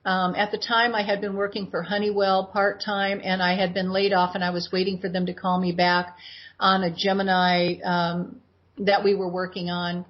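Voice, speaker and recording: Woman in her 60s, husky voice, animated storytelling, dull lo-fi recording. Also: medium pitch, moderate pace. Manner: animated retelling that acts out her own past words. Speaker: guest. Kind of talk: personal storytelling in interview. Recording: dull lo-fi audio.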